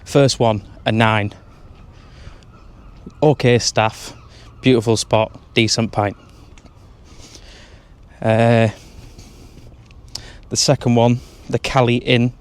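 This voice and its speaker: Slow and pausing often, a man with a mid-range voice and little pitch movement reviews pubs in a casual handheld vlog. The tone is clean, and his dry jokes accompany him through pubs and streets, both indoors and outdoors.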